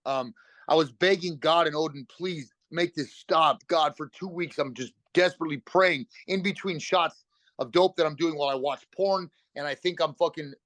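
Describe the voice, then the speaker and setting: A middle-aged man telling a raw personal recovery story as a podcast guest, talking fast and bluntly with emotion and free swearing. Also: a little high, fairly bright tone, no room sound.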